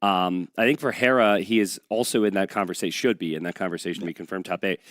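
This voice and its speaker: A man's voice: deep voice, fairly even intonation, fast talker, fairly bright tone, dry recording, clean studio sound. A man casting a strategy game tournament, upbeat and chatty as he sets up the next match. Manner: upbeat, chatty, hypes the players. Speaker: esports caster. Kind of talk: esports commentary.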